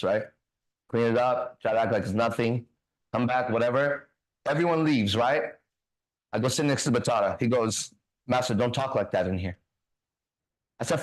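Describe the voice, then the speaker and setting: A man hosting a faith talk show, telling a story in a casual, profane, animated way and acting out the other voices. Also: medium pitch, rough recording. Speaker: ministry host.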